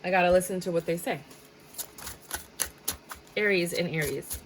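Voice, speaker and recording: A woman's voice: lowish voice, normal speed, slight background noise, rough recording. A woman giving a casual tarot reading, chatty and dramatic, sometimes slipping into a sing-song tone. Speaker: tarot reader.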